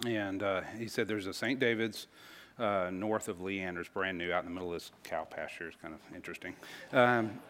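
A man telling a personal story to an audience in a casual, halting way, with many fillers and restarts. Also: sits low, a bit bright. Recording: long hall reverb.

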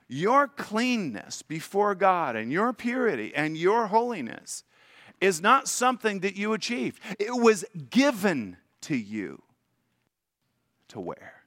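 An older man preaching a sermon as a guest preacher, with emphatic rises to loud lines and soft drops at the ends of phrases. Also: high voice, dry recording, clean studio sound.

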